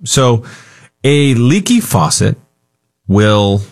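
A man co-hosting a radio talk show, talking casually in a jokey, animated way and laughing often. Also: medium pitch, very slow.

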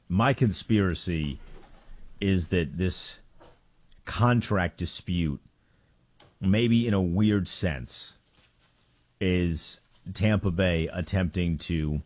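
A male sports radio co-host giving casual, laid-back opinions. His voice is low.

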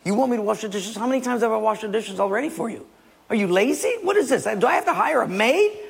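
A man's voice: sits high, expressive, normal speed, vocal fry, fairly bright tone, husky, voice pushed up, exaggerated voice. A man voicing an irritated husband grumbling sarcastically about chores, in a sermon. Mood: sarcastic, irritated. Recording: long reverb of a large hall.

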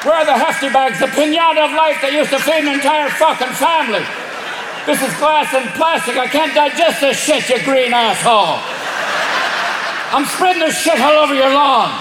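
A man's voice: very high voice, normal speed, very noisy, pitched above the performer's own voice. A man voicing a brazen, foul-mouthed male raccoon with an Irish accent, ranting indignantly. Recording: echoey hall, loud crowd laughter.

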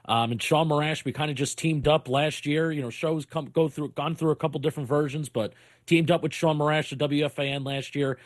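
A man's voice: on the high side, steady tone, a little fast, no room sound, clean studio sound. A man casually describing his own sports podcast as a guest. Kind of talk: casual plug of his show.

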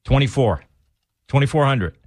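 A man's voice: mid-range voice, lively intonation, moderate pace, darkish tone, dry recording, studio quality. A man with a Massachusetts accent, co-hosting a casual chat and telling long, rambling stories full of restarts. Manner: rambling storyteller, many restarts.

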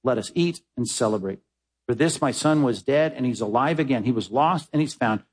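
A man preaching a sermon as pastor, swinging between loud emphatic bursts and low hushed lines. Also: animated, brisk, slightly rough, poor audio.

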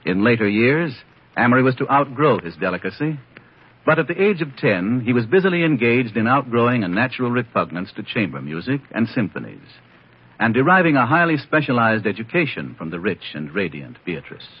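A man giving measured, wry, literary narration for a radio drama. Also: mid-range voice, big pitch swings, slightly rough. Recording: lo-fi vintage radio broadcast.

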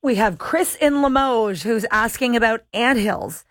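A woman's voice: on the high side, measured pace, no echo. A woman hosting a radio call-in show, reading listener questions in a light, playful manner. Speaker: radio host.

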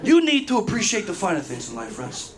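A man imitating his older father, who lectures in a lowered, hushed voice. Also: huge pitch swings, fairly quick. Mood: lecturing. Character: older father, smug about finer things. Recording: live club recording with crowd noise.

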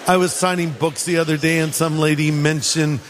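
Californian male pastor, high-pitched, chatty humorous preaching, reverberant hall. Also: level tone, fairly quick, a little hiss or hum. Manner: conversational preaching with acted-out quotes and humor. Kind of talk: sermon.

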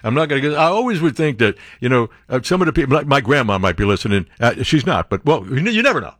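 A man's voice: medium pitch, very animated, fast, a bit bright, no room sound, clean studio sound. A man hosting a political talk radio show, reading out court opinions and answering them with sarcastic, incredulous commentary.

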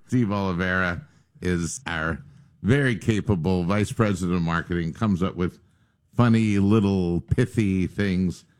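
A man's voice: low-pitched, darkish tone. A man who is a team president, chatting and praising his staff in a casual radio interview.

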